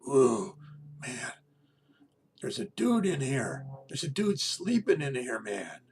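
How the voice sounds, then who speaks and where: A man's voice: medium pitch, very animated, slow pace, darkish tone, a little hiss or hum, pitched above the performer's own voice. A man putting on the voice of a young male burglar, surprised to find someone asleep.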